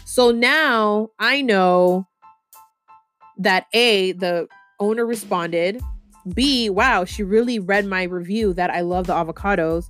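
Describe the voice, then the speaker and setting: A woman's voice: medium pitch, slow, a bit bright, soft background music. A woman hosting a podcast, giving casual marketing advice in a chatty, slangy way, often acting out example quotes. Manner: slangy and chatty, with many fillers like "like" and "you know"; acts out example quotes in the voices of customers and owners. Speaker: podcast host and marketing advisor.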